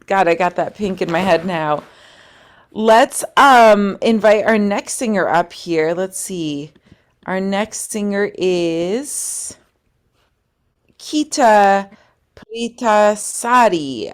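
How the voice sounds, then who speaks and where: A woman's voice: mid-range voice, slow pace. A woman leading an online singing workshop as coach, upbeat, encouraging and chatty, heard over a video call.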